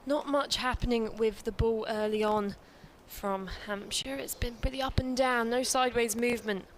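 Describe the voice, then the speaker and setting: A woman's voice: fairly high pitch, steady tone, normal speed, a little hiss or hum. A woman giving articulate cricket analysis as co-commentator, with a lightly playful touch.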